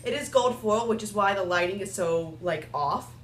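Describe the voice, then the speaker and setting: A woman's voice: medium pitch, moderate pace, roomy sound, a little hiss or hum. A young woman reviewing makeup in a chatty, rambling way, full of "like" and "um". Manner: chatty, rambling, filler-heavy with "like" and "um". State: has the hiccups. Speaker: beauty vlogger. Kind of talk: casual product review.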